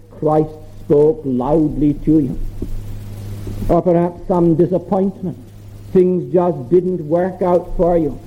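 Slow, earnest preacher on a tinny line. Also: male voice, on the high side. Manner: earnest, measured, repeats phrases for emphasis. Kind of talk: sermon. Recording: tinny phone-like sermon recording.

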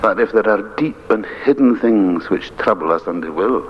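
Older minister preaching earnestly. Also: male voice, on the low side, moderate pace. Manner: earnest, emphatic preaching with lively rises. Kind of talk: sermon. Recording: dull lo-fi archive recording with faint hiss.

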